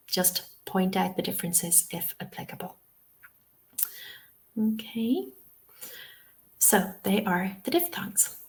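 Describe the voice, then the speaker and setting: An Irish woman trains English teachers over a webinar. She speaks at a slow, deliberate pace, modelling sounds one at a time in a mid-range voice. She checks in with "okay?" often as she goes. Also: medium pitch. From Ireland. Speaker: TEFL trainer. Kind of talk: webinar lesson.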